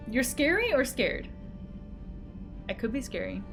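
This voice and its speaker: A woman's voice: a little high, sing-song, slow pace, creaky, a bit bright, soft background music. A woman streamer chatting casually with her live chat, giggly and playful as she reads messages aloud.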